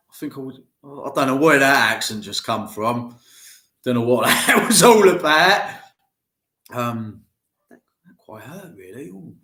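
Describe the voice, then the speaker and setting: A man's voice: medium pitch, lively intonation, measured pace, bright, forceful tone. A man talking football to his fans in a loose, rambling solo chat, speaking to them directly. He has a nagging cough and takes his time over his words. His voice bounces around a roomy, echoey space. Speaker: football fan vlogger. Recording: roomy echo.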